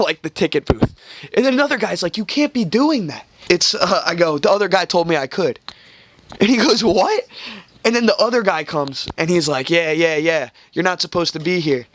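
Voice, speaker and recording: A man's voice: sits high, lively intonation, normal speed, a bit bright, dry recording. A young man hosting a podcast, telling a rambling, profane story and acting out the people in it. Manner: rambling, swears a lot, acts out quoted people. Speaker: podcast host. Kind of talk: casual storytelling chat.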